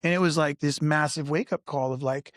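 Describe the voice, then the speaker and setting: Animated higher-voiced man telling stories. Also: a little fast, no echo, clean studio sound. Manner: animated, acts out quoted voices, frequent "like". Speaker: podcast panelist. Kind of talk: candid conversational storytelling.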